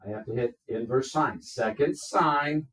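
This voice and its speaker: A man's voice: medium pitch, a bit bright. Male teacher, classroom lecture, step-by-step, roomy echo, far from the mic. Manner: slow, step-by-step, checks in with "okay?". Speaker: math teacher.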